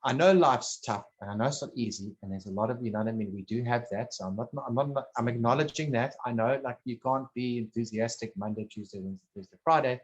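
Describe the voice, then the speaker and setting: A man holding a casual one-on-one conversation, his thoughts coming out in halting, rambling pieces. He restarts sentences often and drops in blunt swearing. His voice sits at an ordinary middle pitch. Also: lo-fi sound.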